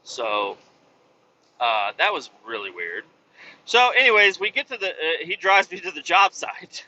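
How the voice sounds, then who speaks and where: A man's voice: on the high side, very animated, measured pace, sharp tone, lo-fi sound. A man casually retelling a work story on a podcast, swearing freely and acting out quoted dialogue. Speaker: podcast host.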